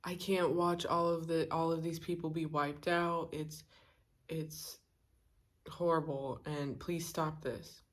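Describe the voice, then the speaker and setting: Pleading young queen as a woman puts her on, earnest, low voice. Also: flat delivery, takes it slowly.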